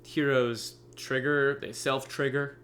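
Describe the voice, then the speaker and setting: A man's voice: medium pitch, level tone, takes it slowly, fairly bright tone, a little hiss or hum. A man co-hosting a casual anime discussion podcast, laid-back and loose, cursing now and then and filling his talk with "like" and "you know". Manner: laid-back, swears casually, lots of fillers. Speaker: podcast co-host. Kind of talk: casual chat.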